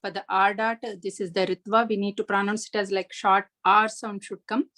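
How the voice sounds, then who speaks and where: A woman teaching the pronunciation of a chanted verse, patiently explaining each sound step by step and chanting the lines slowly. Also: mid-range voice, flat delivery, a bit bright. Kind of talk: online pronunciation lesson.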